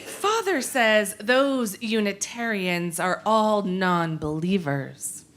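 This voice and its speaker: A woman's voice: mid-range voice, lively intonation, slow, a bit bright, a little hiss or hum. A woman playing a prim, disapproving young lady from the 1800s who sniffs at gossip, in a told church story.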